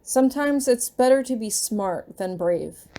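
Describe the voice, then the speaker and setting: A woman reading her fan fiction aloud in a gentle, unhurried storytelling manner. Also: on the high side, expressive.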